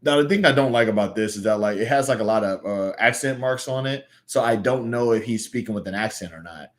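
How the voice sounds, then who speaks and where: A man's voice: fairly low pitch, brisk. A man with a Southern US accent talking casually and hesitantly between reading lines. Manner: hesitant, filler-heavy. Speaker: amateur reader. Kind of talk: casual aside while reading aloud.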